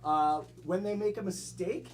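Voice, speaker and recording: A man hosting a live improv comedy show, loud and joking as he explains the rules to the audience. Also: high voice, a little slow. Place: comedy theater stage. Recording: live crowd around.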